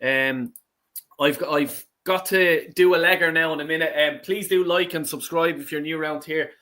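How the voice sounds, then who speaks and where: An excitable Irish man hosting a football fan call-in, with a raised voice and a bright, tense edge to it. His speech is loose and rambling, full of swearing and fillers. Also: on the high side, normal speed. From Ireland. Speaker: host. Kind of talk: casual fan call-in chat.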